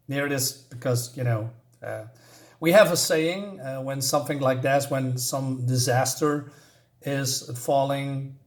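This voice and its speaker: A man casually retelling a horror story, rambling and filling pauses with many ums while searching for words. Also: mid-range voice.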